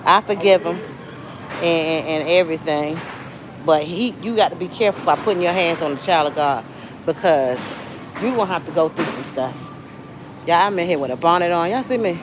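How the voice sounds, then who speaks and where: Chatty Southern woman livestreaming in a noisy store. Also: on the low side. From Southern United States. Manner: chatty, talks straight to viewers with sudden exclamations. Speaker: livestream host. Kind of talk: casual livestream chat. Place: grocery store.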